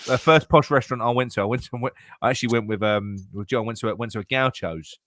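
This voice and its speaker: A man's voice: medium pitch, fast, fairly bright tone, dry recording. A man with a Cockney accent, co-hosting casual chat in a brash, swearing, laughing way. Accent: London Cockney. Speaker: co-host.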